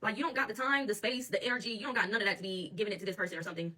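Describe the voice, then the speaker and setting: Tarot reader, woman, AAVE, quick and sharp-toned, mic set back a bit. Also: mid-range voice, fairly even intonation, far from the mic. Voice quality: blunt and profane, laughs often. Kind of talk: channeled tarot reading monologue.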